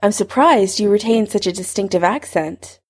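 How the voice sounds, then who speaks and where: A woman voicing an old male headmaster wizard who speaks in a measured, dry, quietly pressing way. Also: medium pitch, close to an everyday voice. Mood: probing.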